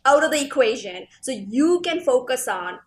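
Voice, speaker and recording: Rambling woman co-host, slightly high voice. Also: expressive, normal speed. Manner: rambling, many fillers like "like" and "you know". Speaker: podcast co-host. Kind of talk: casual chat about comics.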